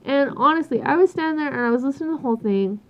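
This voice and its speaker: A fairly high-voiced woman tells a work story in a loose, exasperated rant. She swears freely and acts out what others said in animated voices. The recording sounds dull and lo-fi. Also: racing. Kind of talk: casual ranting monologue.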